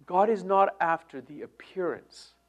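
A middle-aged man preaching a sermon, moving between loud emphatic lines and hushed near-whispers. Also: high-pitched, expressive, unhurried, muffled recording. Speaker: pastor.

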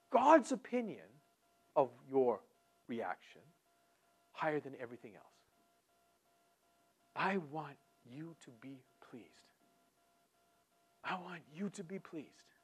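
Animated preacher man, hushed to loud. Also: a little high. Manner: repeats words while building a point. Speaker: pastor. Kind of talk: sermon.

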